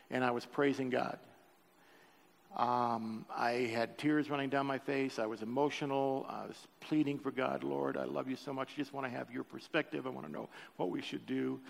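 Older guy preaching, kinda gravelly, big echoey church hall, chatty and emotional. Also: mid-range voice. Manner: storytelling, emotional, pauses to joke with the congregation. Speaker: pastor. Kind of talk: sermon. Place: church sanctuary.

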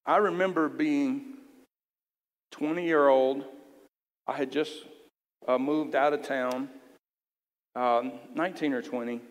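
A man's voice: medium pitch, steady tone, slow pace, long pauses. Earnest man preaching in a reverberant hall. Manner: personal storytelling, earnest and candid. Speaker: youth leader preaching. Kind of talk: sermon.

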